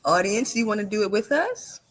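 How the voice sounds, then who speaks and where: A man leading a calm guided breathing and toning exercise as a podcast guest, counting slowly and laughing easily. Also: high voice. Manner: calm, slow counting instructions with warm laughs.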